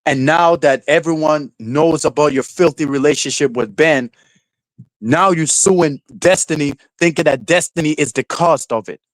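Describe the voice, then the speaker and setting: A man's voice: moderate pace, no echo, rough recording. Ranting man streamer, dry close voice. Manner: ranting, profane, mocking, falsetto mimicry of quotes. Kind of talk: casual live-stream rant.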